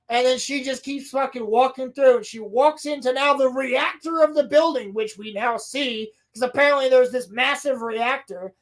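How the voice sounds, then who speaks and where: A woman's voice: high voice, moderate pace, hardly any pauses. A woman recapping a show in a casual, sarcastic rant, swearing often and acting out scenes. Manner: sarcastic, swears a lot, acts out scenes in voices. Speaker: podcast co-host.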